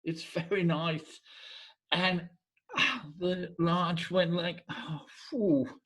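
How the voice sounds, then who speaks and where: A man telling folk tales and their morals in a relaxed conversational way, often pausing to search for words and dropping into quiet asides. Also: high voice, rough recording. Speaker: storyteller. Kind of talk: casual oral storytelling.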